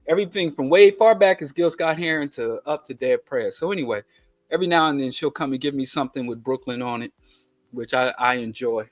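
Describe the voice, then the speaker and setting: A man's voice: medium pitch, no room sound. A man with a Kansas City twang hosting a political commentary monologue, digressive with emphatic lists and chatty asides. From Kansas City, USA. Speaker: show host.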